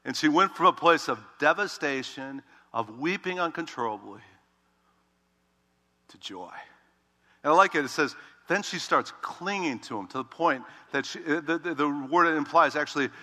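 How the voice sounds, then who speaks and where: A male pastor preaching a sermon, telling the story with animated emphasis that swings between loud, urgent lines and hushed, quiet ones. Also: a little high, normal speed. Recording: long reverb of a large hall.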